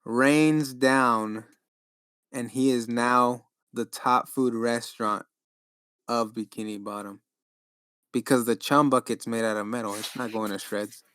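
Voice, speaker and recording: A man's voice: mid-range voice, fairly bright tone, smooth, no room sound. A man co-hosting a podcast, laid-back, chatting and making up a story. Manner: laid-back, says dude often. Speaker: podcast co-host. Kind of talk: casual chat and improvised storytelling.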